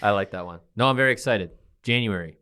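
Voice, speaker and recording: A man's voice: on the low side, fast, pushed and bright, clear, resonant tone. A young man co-hosting a podcast, easygoing and laughing along in casual chat. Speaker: podcast co-host.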